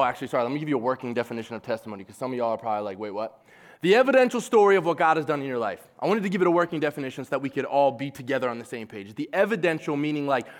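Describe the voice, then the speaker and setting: A man preaching a sermon in a casual, animated way, acting out quoted voices. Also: mid-range voice.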